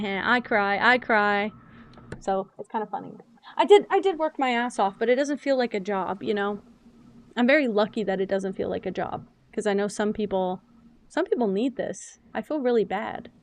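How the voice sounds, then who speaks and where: A woman's voice: medium pitch, moderate pace. A young adult woman streamer chatting casually and openly while she plays a game. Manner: chatty, animated, self-described loud and yappy. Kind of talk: casual chat while gaming.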